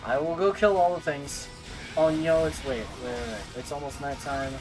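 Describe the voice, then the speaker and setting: A man's voice: on the high side, normal speed, over music. A man streaming a game, joking and playful, with asides to himself. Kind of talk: casual gameplay commentary.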